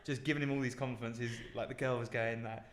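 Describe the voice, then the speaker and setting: A man's voice: mid-range voice, fairly even intonation, fast talker, a little hiss or hum. A young British man co-hosting a podcast, telling stories casually with lots of "like" and fillers. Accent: British English. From Britain. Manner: rambling storyteller with many fillers. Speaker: podcast co-host. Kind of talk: casual chat. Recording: roomy echo.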